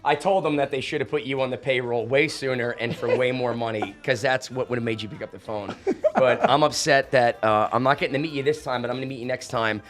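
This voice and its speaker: A man's voice: medium pitch, fairly even intonation, quick pace, soft background music. A man who is a guest on a podcast, trading jokey, teasing banter in casual chat.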